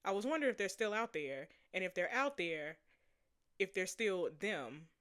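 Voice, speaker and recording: A woman voicing a thoughtful, worried teenage girl in a story game, read quietly. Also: medium pitch, very animated, normal speed, clean tone. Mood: pensive.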